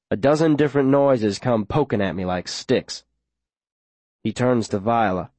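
A man narrating a story in the first person, steady and plain, with rural grammar. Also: fairly low pitch, moderate pace, dry recording. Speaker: audiobook narrator.

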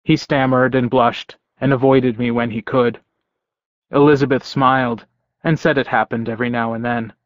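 A man narrating a first-person novel in a measured, steady way. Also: mid-range voice, no echo. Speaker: audiobook narrator. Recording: dry, dull close-mic recording.

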